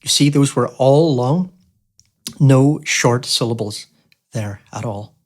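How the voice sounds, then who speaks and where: A man hosting a music software tutorial, explaining casually with lots of fillers like "you know" and "um". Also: medium pitch, slow. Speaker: tutorial host. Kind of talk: screen-recorded software tutorial.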